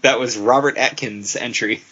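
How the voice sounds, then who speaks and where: A man hosting a casual podcast, reading out listener entries in a deadpan way and laughing often. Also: mid-range voice, normal speed, breathy edge. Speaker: podcast host. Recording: dull lo-fi sound.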